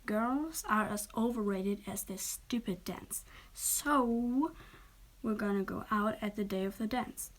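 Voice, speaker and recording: A woman's voice: medium pitch, takes it slowly. Woman playing a loyal teen boy best friend, urgent but soothing, whispered role-play. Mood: caring. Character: teenage boy best friend, caring and excitable.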